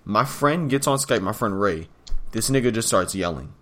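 A man's voice: on the low side, expressive, normal speed, fairly bright tone. A young man co-hosting a podcast, telling a story in laid-back slangy casual chat and swearing freely. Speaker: podcast co-host.

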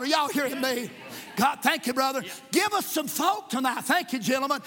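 A man preaching a sermon. He is impassioned, jokes at times and rises to shouts in a church. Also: very high-pitched, lively intonation, quick pace, hardly any pauses. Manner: impassioned, shouting at peaks, joking asides. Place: church sanctuary with congregation. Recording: echoey church hall.

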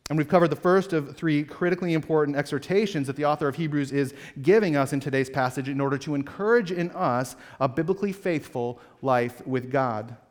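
Male pastor, slightly high voice, earnest sermon with direct questions, reverberant hall. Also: a little fast, few pauses. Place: church sanctuary. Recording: long reverb of a church hall.

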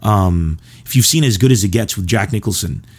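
A comedian from Lebanon telling rambling, animated stories about his school days. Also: lowish voice, breathy edge. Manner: rambling and animated, with quick asides. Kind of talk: casual storytelling.

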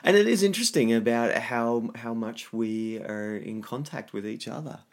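A man co-hosting a casual health podcast, talking in a gentle, reflective way and laughing easily. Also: medium pitch, lively intonation, moderate pace. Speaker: acupuncture clinic co-host.

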